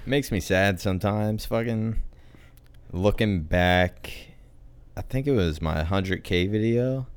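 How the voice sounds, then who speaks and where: A young man co-hosting a podcast, talking in a slow, reflective way and swearing often. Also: lowish voice, clean tone. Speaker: podcast co-host. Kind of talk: casual chat.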